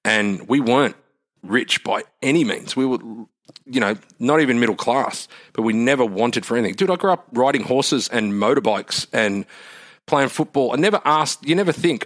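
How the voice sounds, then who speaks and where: A man's voice: medium pitch, animated, normal speed, fairly bright tone. A man with an Australian accent in his thirties, chatting casually as a guest, laid-back and swearing freely. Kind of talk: casual interview chat.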